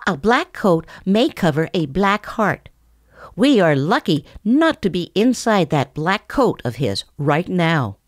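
A woman's voice: on the low side, very animated, takes it slowly, dry recording, studio quality, full character voice. A woman voicing a sulky young male bear cub who sniffs scornfully.

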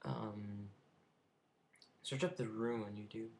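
Gravelly young man, rambling vlog. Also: fairly low pitch, fairly even intonation, slow, a little mellow, slight background noise. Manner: rambling, hesitant, lots of fillers. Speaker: vlogger. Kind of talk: casual vlog.

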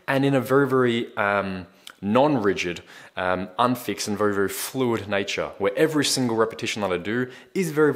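A man, a fitness coach, answering viewer questions in a casual, explanatory way, with frequent ums and repeated words. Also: lowish voice.

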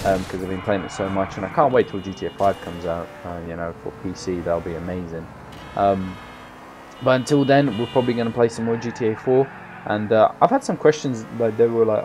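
A tired young gaming YouTuber rambles through casual gameplay commentary, swearing freely and erupting in loud bursts of excitement. His voice is lowish and fairly quick, with a little hiss or hum in the recording.

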